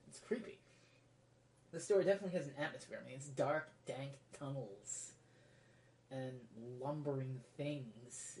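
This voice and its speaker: A woman's voice: very deep voice, darkish tone, a little hiss or hum. A woman giving a casual solo review monologue, rambling and drifting into tangents. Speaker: video reviewer.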